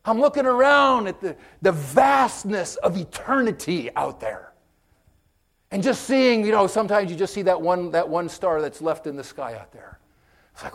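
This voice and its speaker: A man preaching a conversational sermon, folksy and direct with his listeners, swinging from loud emphasis to hushed, whispered moments. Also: sits high, animated, normal speed. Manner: folksy, direct, addresses listeners with okay and amen.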